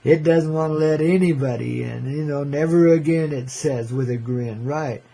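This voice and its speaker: An older man hosting his own radio show, rambling along in a laid-back hippie drawl. His voice is gravelly, husky and mellow. He says "man" every few lines and keeps breaking into chuckles. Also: medium pitch, normal speed. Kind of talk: rambling casual radio monologue.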